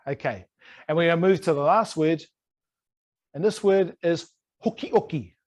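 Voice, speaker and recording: Brief: a male New language teacher, playful and a touch high-voiced, drilling words over a video call. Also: normal speed. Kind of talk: online language lesson.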